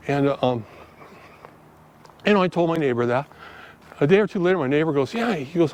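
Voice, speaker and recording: A man's voice: a little high, expressive, brisk, pauses often, a little mellow. An older man, a vlogger, telling a folksy story in casual monologue and acting out both sides of the conversations in his own voice. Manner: folksy, chatty, acts out dialogue in his own voice. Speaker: vlogger giving selling tips.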